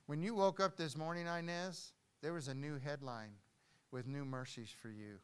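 An older man preaching a sermon as pastor in a church, swinging from hushed storytelling to loud declarations. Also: a little high, fairly even intonation, normal speed, clear, resonant tone. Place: church hall.

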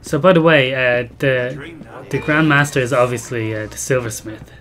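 A man's voice: medium pitch, steady tone, normal speed, a bit bright. Chatty man narrating a game. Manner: chatty, self-mocking, laughs at himself. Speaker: gameplay commentator. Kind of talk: casual let's-play commentary. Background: game music.

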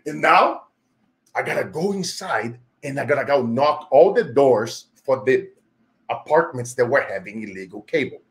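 A man's voice: mid-range voice, normal speed. A man from Brazil with a Brazilian Portuguese accent, hosting his own show and telling a motivational story with emphatic energy and frequent laughs. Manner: animated, laughing often, emphatic. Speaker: show host.

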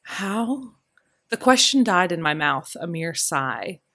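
A woman with a lowish voice reads a historical romance novel aloud. Her narration is measured and steady, easing softer in the tender passages. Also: gravelly. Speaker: audiobook narrator. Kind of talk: scripted narration.

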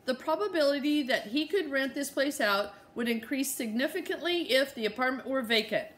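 A clever young girl reasons out loud in earnest, precise sentences, as a woman reading aloud puts her on. The voice is pitched far above the reader's own. It suits a storybook reading. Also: animated, normal speed.

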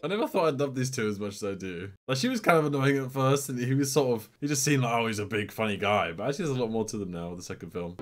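A man's voice: medium pitch, animated, rapid-fire, few pauses, faint music behind. A man hosting a movie reaction video, chatting casually to his viewers, laughing often and musing about the film.

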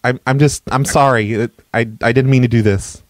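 Stammering deadpan man making prank calls. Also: medium pitch, a little fast, dry recording. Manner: stammering, mock-apologetic, deadpan. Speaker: prank caller and show host. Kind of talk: prank phone call comedy.

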